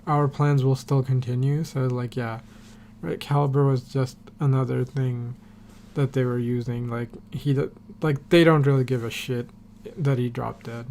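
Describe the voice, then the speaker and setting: Guy rambling through a show recap on his podcast, kinda gravelly, flat delivery, faint hiss behind. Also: mid-range voice, normal speed. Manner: rambling, filler-heavy, swears casually. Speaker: podcast host. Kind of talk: casual episode recap.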